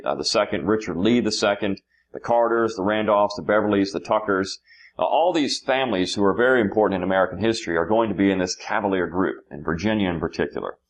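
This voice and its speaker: A man with a fairly low voice lectures his class on history. He speaks off the cuff, pausing often on fillers and restarting his sentences as he goes. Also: lo-fi sound. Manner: unscripted, many "uh" fillers and restarts.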